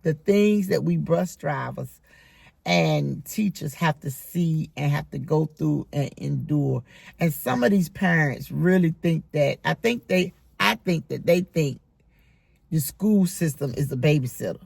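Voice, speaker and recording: Middle-aged bus driver vlogging, firm and scolding, gravelly fry in the voice. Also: medium pitch, measured pace, darkish tone, no room sound. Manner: scolding, emphatic, repetitive. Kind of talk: casual monologue vlog.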